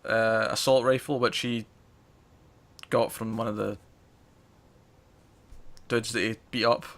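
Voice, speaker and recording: A man co-hosting a casual chat show, talking in a lively, laughing way with frequent restarts. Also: medium pitch, takes it slowly. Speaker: podcast co-host.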